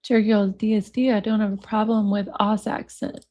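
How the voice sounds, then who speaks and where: A woman's voice: mid-range voice, level tone, fairly quick, mellow. An American woman chatting casually on a livestream, reading viewer comments aloud and rambling on between them. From United States. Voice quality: says y'all, self-described hillbilly.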